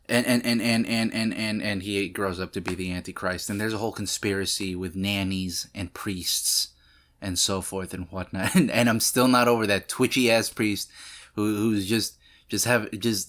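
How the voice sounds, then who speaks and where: Man, lowish voice, casual vlog host, rambling, stammering restarts, mock-angry rants. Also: a bit bright. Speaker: movie reaction YouTuber.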